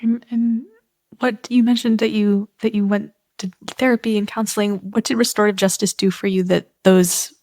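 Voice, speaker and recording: Podcast interviewer; flat, mellow delivery; quiet affirming murmurs. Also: medium pitch, moderate pace, dry recording. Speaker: podcast host.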